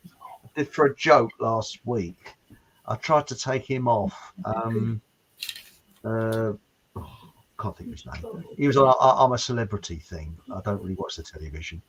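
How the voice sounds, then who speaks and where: A man's voice: lowish voice, normal speed, slightly rough, low-quality recording. A man with a Home Counties English accent hosting a casual chat show, rambling and hesitant with many fillers and restarts. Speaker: host.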